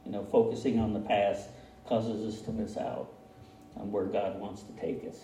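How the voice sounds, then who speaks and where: A man's voice: on the low side, flat delivery, normal speed, warm tone, slight background noise. A man preaching in a folksy, conversational way, often chuckling at himself, recorded from a distance in a church hall. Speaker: pastor. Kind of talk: conversational sermon. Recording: echoey room, picked up from afar.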